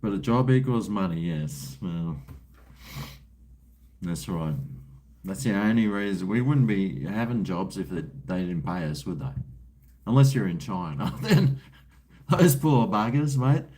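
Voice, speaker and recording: A man's voice: low voice, lively intonation, unhurried, long pauses, a little mellow. A man with an Australian accent hosting a casual livestream, rambling in a laid-back way, reading out viewer messages, with crude slang and chuckles. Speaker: livestream host. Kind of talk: casual livestream chat while drinking.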